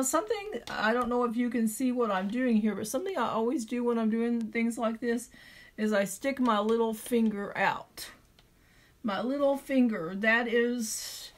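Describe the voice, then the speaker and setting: A middle-aged woman with a Southern drawl, chatting through a craft tutorial and thinking aloud as she draws. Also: on the high side. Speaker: craft video host.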